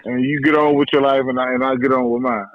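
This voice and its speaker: A man who trains boxers tells stories about his mentor in a relaxed, slangy way, often repeating himself. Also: mid-range voice, quick pace, dry recording. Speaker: boxing trainer, guest. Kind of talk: casual interview talk. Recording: dull podcast audio, dry.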